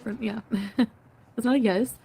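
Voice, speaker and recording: A woman's voice: a little high, steady tone, takes it slowly, vocal fry, dark tone, soft background music. A woman on an archived live stream, answering her chat with giggles and evasive replies. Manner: giggly, evasive, keeps things private. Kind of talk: casual live stream chat, played in a reaction.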